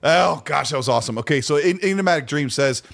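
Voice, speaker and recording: A man co-hosting a casual gaming podcast, reading out chat messages in an animated, easygoing way. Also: fairly high pitch, quick pace, vocal fry, dry recording. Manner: animated, reads out chat messages, laughs easily. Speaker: podcast co-host.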